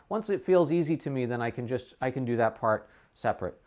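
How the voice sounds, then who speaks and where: A man teaching music explains how to practice a piece, demonstrating his method by singing its phrases on syllables between explanations. He talks fairly quickly with lively intonation and hardly any pauses, in a slightly mellow mid-range voice. The stream's audio is dull and lo-fi.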